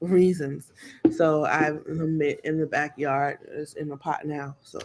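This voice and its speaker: A woman guest speaks quietly in a casual chat while getting over the flu. Her voice is very low-pitched, with faint noise behind it. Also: fairly even intonation, measured pace. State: recovering from the flu. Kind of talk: casual show discussion.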